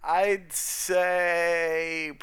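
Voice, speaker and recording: A man's voice: on the high side, level tone, very slow, fairly bright tone, clear, resonant tone. A young man telling a long story in casual chat, rambling and profane, full of fillers. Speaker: guest.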